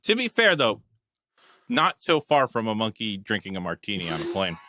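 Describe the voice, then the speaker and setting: A man's voice: lowish voice, wildly swooping pitch, normal speed, sharp tone, a little hiss or hum. A man co-hosting a movie podcast, wry and rambling in casual chat. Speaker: podcast co-host.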